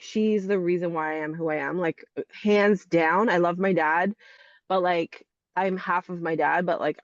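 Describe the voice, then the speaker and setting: A woman's voice: fairly low pitch, dry recording. Rambling woman in her forties, dull dry sound. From Canada. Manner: rambling, heavy use of "like", frequent restarts. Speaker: guest. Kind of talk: casual interview chat.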